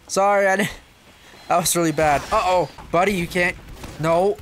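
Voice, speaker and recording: Lively, bright-voiced gaming guy. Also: fairly quick, a little hiss or hum. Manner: jokey, playful, bursts into high excited yelps. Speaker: gameplay commentator. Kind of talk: casual let's-play commentary.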